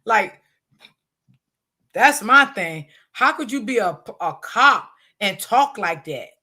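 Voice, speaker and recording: A woman's voice: medium pitch, lively intonation, slow pace, sharp tone, husky. An older woman and grandmother giving casual commentary on a stream, emphatic and repeating her points.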